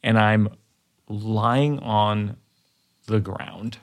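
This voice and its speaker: A man's voice: lowish voice, steady tone, very slow. A man in his forties, a stand-up comedian, telling a rambling, self-deprecating story in casual chat while working through jokes. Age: 40s.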